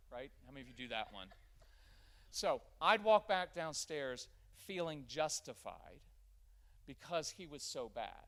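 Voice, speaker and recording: A man's voice: a little high, measured pace. A man giving a live parenting workshop in a church, talking straight to his audience and acting out what parents and kids say. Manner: animated, acts out quoted parents and kids.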